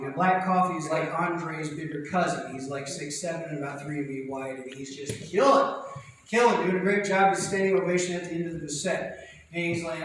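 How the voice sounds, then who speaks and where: A man from Indiana doing a stand-up set on a theater stage, telling stories in a quick, conversational way. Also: a little high, a bit bright. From Indiana, USA. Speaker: stand-up comedian. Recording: echoey theater, far from mic, noisy.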